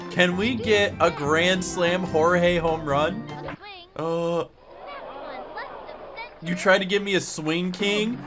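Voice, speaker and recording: A woman commenting on gameplay and narrating a video, excitable and joking, shouting when surprised. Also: fairly low pitch, slow, music in the background. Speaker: video essayist and gamer.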